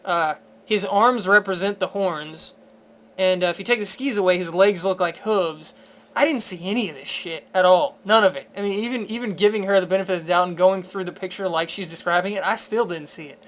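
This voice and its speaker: A man's voice: high voice, fairly quick, fairly bright tone. A man reviewing a film in a casual spoken rant. He sounds incredulous and profane, with stammering restarts and laughter.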